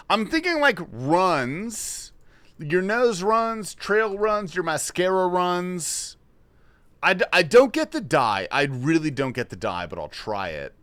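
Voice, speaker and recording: A man's voice: sits high, very animated, slow, fairly bright tone. A man thinking aloud on a casual livestream while solving a word puzzle, swearing when frustrated.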